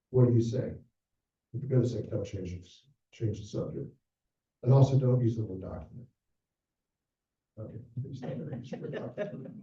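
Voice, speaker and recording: A middle-aged man giving a workshop talk to fundraisers, telling stories and acting out quoted dialogue, in a conference room. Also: medium pitch. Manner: storytelling, acts out quoted dialogue. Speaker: planned giving director presenting a workshop. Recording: distant, echoey, dull room recording.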